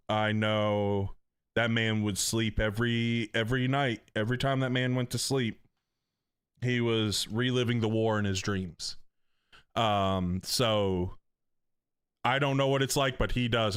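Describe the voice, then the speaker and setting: A man's voice: on the low side, smooth, no echo, studio quality. Chatty man streaming. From North Carolina, US. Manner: chatty, joking, slangy, reads chat aloud. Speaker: gaming streamer. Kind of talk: casual live-stream chat.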